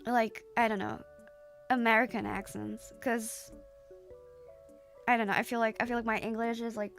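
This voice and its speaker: A woman's voice: on the high side, level tone, normal speed, creaky, a bit bright, soft background music. A young adult woman streamer chatting casually with her viewers, rambling and hesitant with many restarts and fillers.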